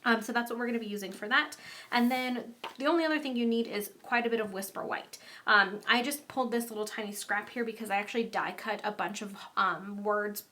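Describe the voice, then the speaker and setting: A woman's voice: fairly high pitch, steady tone, brisk, pushed and bright, a little hiss or hum. A young woman chatting casually and upbeat through a card-making tutorial, with frequent ums.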